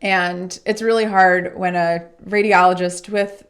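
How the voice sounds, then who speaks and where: Her voice lowish and her pace unhurried, a woman shares a personal story as a podcast guest, sincere and thoughtful in this casual interview. When recalling conversations, she performs the lines with lively voices.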